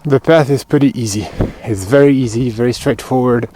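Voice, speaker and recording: Out on a chilly hiking trail, a French man with a French accent films and chats casually, a little breathless and muttering asides as he goes. His medium-pitched voice is warm and brisk, and the low-quality recording carries a slight hiss or hum.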